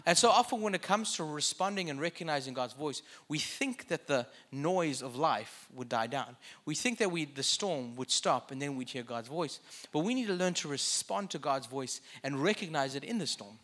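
A man preaches a sermon in a relaxed, conversational way and drops playful jokes between points. His voice sits a little high and sounds bright and forceful. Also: normal speed, hardly any pauses. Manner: conversational preaching with joking asides.

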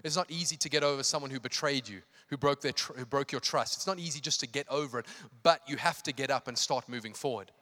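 A man's voice: medium pitch, fast, few pauses, sharp tone. A man preaching an evening church sermon, emphatic and impassioned, repeating phrases for effect. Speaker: pastor. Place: church hall. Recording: long hall reverb.

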